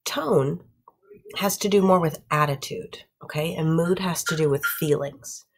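A woman's voice: sits low, unhurried, slightly rough. A woman teaching a middle school class, explaining patiently with everyday examples and checking in with "okay?" and "right?" after each point. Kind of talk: classroom lecture.

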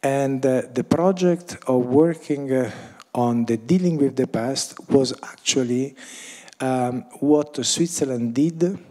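A man with a medium-pitched, warm voice speaks slowly as the moderator of a film screening. His introductory remarks are hesitant, full of fillers and little chuckling asides.

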